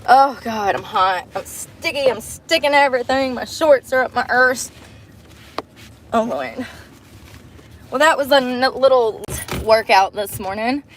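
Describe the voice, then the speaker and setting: A woman's voice: on the high side, measured pace, slight background noise. A woman live-streaming from inside her car on a phone camera, chatting to viewers in a casual, profane way. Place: inside a parked car at a drive-thru.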